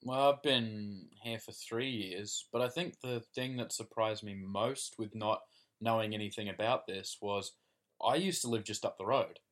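A man's voice: fairly low pitch, normal speed. A young Australian man, nasal from a cold, chatting easily as a guest on his partner's podcast. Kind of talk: casual podcast chat.

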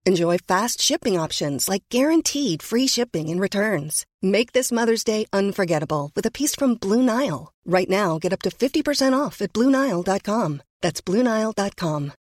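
A woman reading a scripted ad in a smooth, upbeat sales voice. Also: medium pitch, animated, moderate pace, hardly any pauses, dry recording, studio quality. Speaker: ad announcer. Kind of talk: scripted ad read.

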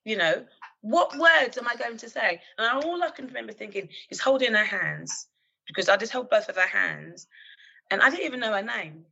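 A woman from London speaks as an interview guest, recounting her police work. She is earnest and halting, with restarts and fillers, and her voice is gravelly yet bright and forceful. The recording is muffled and lo-fi. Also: on the high side, expressive. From London, England. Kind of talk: emotional personal storytelling.

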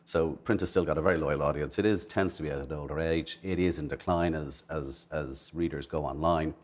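A man speaks on a TV panel, measured and prone to restarting his sentences. His voice is very deep. He talks briskly. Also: steady tone. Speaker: news industry panelist. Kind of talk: panel discussion.

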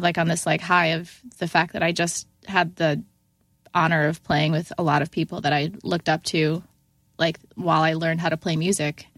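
A woman's voice: fairly low pitch, no echo, clean studio sound. A young woman, a musician guest on a podcast, telling a story casually and acting out what people said in a raised voice. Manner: animated, acts out quotes in a raised voice, many fillers of "like".

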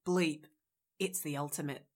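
A woman reading ad lines in a heavy, put-on outback Australian accent with a drawn-out drawl. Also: low voice, fairly even intonation, a little mellow, voice pushed down. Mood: hammy. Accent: put-on broad Australian.

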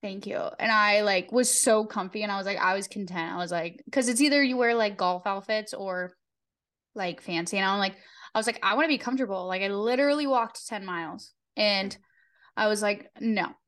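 A young woman telling stories to her podcast co-host in a loose, rambling way. Her sentences are stuffed with "like" and the odd curse word, and her voice sits at an ordinary middle pitch. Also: a little fast, fairly bright tone. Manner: chatty, filler-heavy, lots of "like", swears casually. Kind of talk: casual chat.

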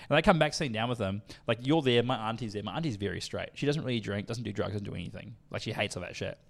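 A young Australian man co-hosting a casual podcast, spinning a story at a rapid clip. His pitch jumps around a lot as he acts out the people in it. His talk is loose and full of swearing. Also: gravelly. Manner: animated, profane, acts out voices in stories. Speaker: podcast co-host.

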